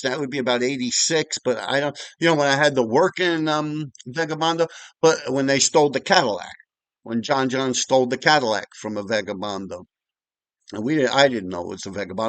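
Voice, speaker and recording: A man's voice: mid-range voice, fairly bright tone, dry recording. A man, telling neighborhood stories in a rambling, profane, casual way. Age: 50s. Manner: rambling and profane, with frequent restarts and asides. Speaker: vlogger storyteller. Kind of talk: casual storytelling.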